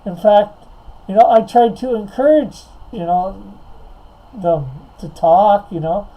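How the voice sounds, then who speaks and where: A man's voice: sits high, slow, dull audio. A man hosting a casual livestream, chatting about comics and reading viewer comments while doing digital coloring. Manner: rambling, reads chat aloud, laughs often. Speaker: livestream host.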